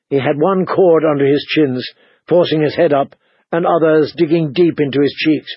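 A man narrating a fantasy audiobook in a measured, dramatic storytelling manner. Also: on the high side, breathy edge, dry recording. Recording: dull lo-fi recording.

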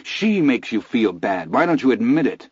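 A man's voice: medium pitch, sing-song, moderate pace, darkish tone, husky, no echo, lo-fi sound. A man narrator voicing a furious, weeping young man defying his family, his voice strained, raised and near breaking. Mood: anguished shouting.

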